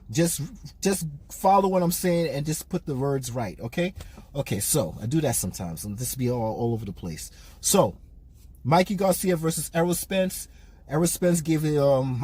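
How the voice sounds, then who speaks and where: Man, boxing vlogger, casual rant, husky voice, swooping pitch, rhetorical questions. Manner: animated, repeats himself, asks rhetorical questions. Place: in a car while parking.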